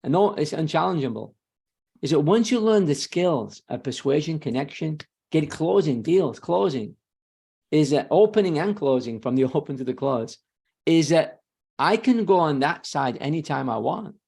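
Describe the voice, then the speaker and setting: Gravelly self-assured man. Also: on the high side, lively intonation, darkish tone. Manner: confident, emphatic, quick self-corrections. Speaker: real estate sales trainer. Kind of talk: guest talk on a sales webinar.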